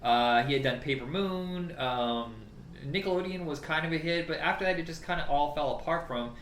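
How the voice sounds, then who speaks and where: A man in casual conversation about films, lively and profane, quick to laugh. His voice rings in a roomy space, with faint background noise beneath it. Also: fairly high pitch. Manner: animated, swears freely, laughs often. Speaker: podcast co-host. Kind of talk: casual film chat.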